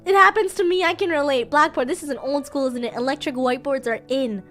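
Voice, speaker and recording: A woman's voice: high voice, fast talker, soft background music. A woman streaming a playful Japanese vocabulary lesson, giggling often and acting out little scenes.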